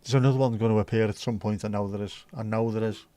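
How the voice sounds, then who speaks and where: Laid-back sweary livestream host. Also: male voice, on the low side, steady tone, fast, mellow, dry recording. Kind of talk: casual chat reading viewer comments.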